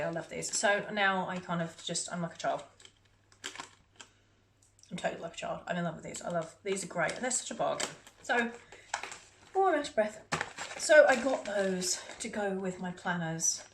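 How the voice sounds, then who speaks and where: A beauty vlogger talks to the camera about her recent purchases in a casual haul video, chatty, rambling and poking fun at herself. Her voice sits on the low side and moves at a normal speed. The room is echoey, with faint background noise.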